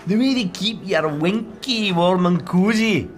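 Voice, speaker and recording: A man performing a comedy sketch in a posh, whimsical manner, speaking slowly. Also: sits high, soft background music.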